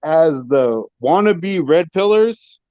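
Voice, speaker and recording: A man's voice: a little high, lively intonation, takes it slowly, a little mellow, no room sound. Young man on a dull, dry call line. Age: young adult. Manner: hesitant, lots of "you know" and restarts. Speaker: guest on a livestream. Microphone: online call connection.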